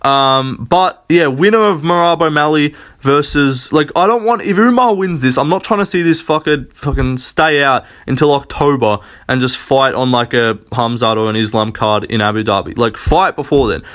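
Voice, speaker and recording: A young man talks in a loose, rambling solo rant, blunt and full of swearing. His pitch sits in a middle range for a man, and he keeps stopping and restarting as he thinks aloud. The delivery is casual and unscripted, with plenty of fillers. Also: moderate pace, hardly any pauses, fairly bright tone. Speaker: MMA commentator.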